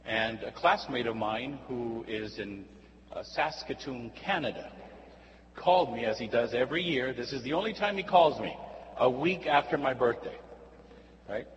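A man's voice: mid-range voice, expressive, normal speed. A man, a priest, reading the Gospel and preaching a homily in a church, chatting with the congregation and often asking "right?". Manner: conversational, often asks "right?". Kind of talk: homily with personal storytelling. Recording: dull recording with long hall reverb and faint hum.

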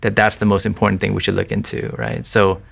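An interview guest of Thai family background relates his faith testimony fast, in a low, creaky, fairly bright voice with little pitch movement. He's earnest and conversational, frequently restarting and using "you know."

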